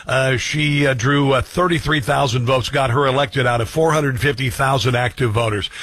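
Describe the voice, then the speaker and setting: A man's voice: medium pitch, steady tone, normal speed, a bit bright. A man hosting a radio talk show, chatting casually with jokes and self-deprecating asides.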